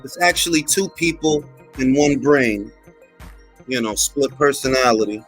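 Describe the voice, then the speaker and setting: A man's voice: mid-range voice, unhurried, a bit bright, slightly rough, soft background music. A man hosting a casual boxing talk livestream, speaking conversationally, repeating phrases and tossing slangy asides to his chat. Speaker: boxing talk show host.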